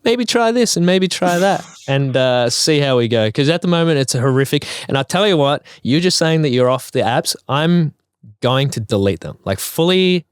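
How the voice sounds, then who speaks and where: A man's voice: medium pitch, lively intonation, normal speed, clean tone, no room sound. Joking Australian man, dry sound. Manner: chatty, laughs often, joking. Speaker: podcast co-host. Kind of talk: casual chat.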